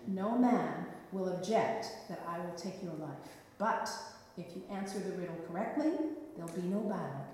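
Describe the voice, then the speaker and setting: A mighty, vengeful knight with a booming, threatening voice, as a woman storyteller puts him on. He sounds set back from the mic in a long, echoing hall. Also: dark tone, natural voice. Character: stern mighty male knight bent on revenge. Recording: echoey hall, mic far off.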